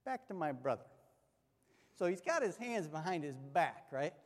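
A high-voiced male pastor gives a story-driven sermon. He acts out the people in his anecdote with animated delivery. The sound carries a long reverb from a large church hall. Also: normal speed.

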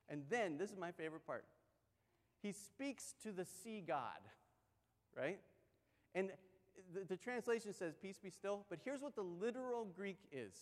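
Male pastor, high tenor, animated conversational sermon, long hall reverb. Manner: conversational, animated storytelling with acted-out quotes.

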